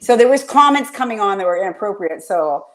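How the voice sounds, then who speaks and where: A woman's voice: medium pitch, expressive, a little fast. A woman hosting a casual fan chat, rambling and swearing with enthusiasm, often trailing off mid-sentence. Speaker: podcast host.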